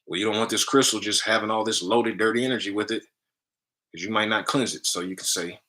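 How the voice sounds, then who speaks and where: A man with a very low voice teaches on a casual live stream. His delivery is forceful and punchy, with a tense edge. He speaks in loose fragments and keeps checking in with "right?". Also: fast talker, poor audio. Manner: talks in loose fragments, tags lines with "right?"; energetic, emphatic. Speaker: spiritual healer hosting a live stream.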